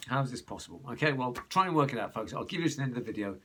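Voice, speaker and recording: A man's voice: medium pitch, lively intonation, quick pace, hardly any pauses, a bit bright. A man chatting casually to his viewers in a rambling vlog, calling them folks. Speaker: vlogger. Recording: background noise.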